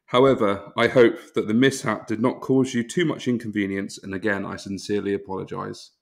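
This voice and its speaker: A podcast host, an Englishman with an English accent and a fairly low voice. He reads out a comic apology with deadpan, mock-solemn formality, keeping his delivery steady and formal. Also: a little fast, vocal fry. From England.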